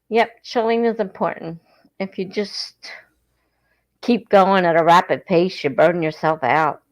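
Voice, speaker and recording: A woman's voice: on the low side, slow, pauses often, poor audio. A woman from the East Coast of the United States hosting a casual livestream, rambling and correcting herself as she grows sleepy. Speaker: livestream host of writing sprints.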